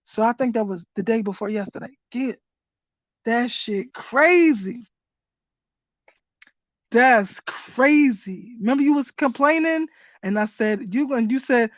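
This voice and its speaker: A woman hosting a live card-reading stream, calling listeners honey and baby, bursting into loud exclamations and then reading slowly and softly. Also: on the high side, no room sound. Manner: animated, exclaims loudly then reads slowly in a hushed voice. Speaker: spiritual reader hosting a livestream. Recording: dull lo-fi livestream audio.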